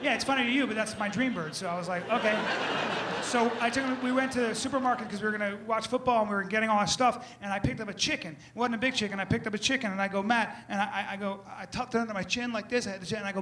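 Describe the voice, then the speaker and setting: A man performing stand-up comedy before a live audience, animated, with loud outbursts and acted-out voices. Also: high-pitched, rapid-fire. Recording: live room with crowd noise.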